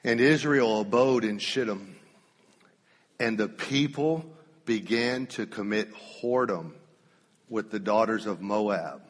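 A man preaching a sermon, telling a story with animated swings from loud to hushed. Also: fairly low pitch, slow pace. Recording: long reverb of a church hall.

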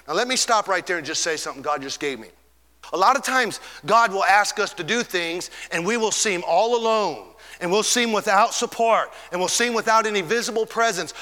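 A man preaching a fervent sermon, stretching key words and swinging between loud and soft. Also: high-pitched, big-room sound.

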